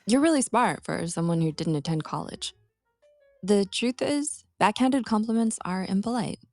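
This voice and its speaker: A woman giving calm, measured scripted narration with advice. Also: mid-range voice, dry recording, faint music behind. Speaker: narrator of a clip being reacted to.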